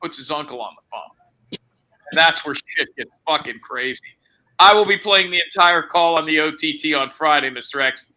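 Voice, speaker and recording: A man's voice: a little high, normal speed. A man telling a story in a casual chat, acting out both sides of a phone call and swearing freely. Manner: animated storytelling, acts out quoted phone dialogue, swears.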